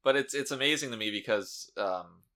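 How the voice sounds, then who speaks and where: A man's voice: medium pitch, a little fast, sharp tone. A man co-hosting a podcast in casual chat, talking with dry, sarcastic humor. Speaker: podcast co-host.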